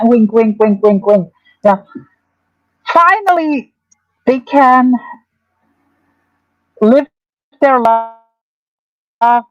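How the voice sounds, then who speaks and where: A woman hosting a casual livestream, talking in a halting, hesitant way with many restarts. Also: on the high side, darkish tone, dry recording, muffled recording.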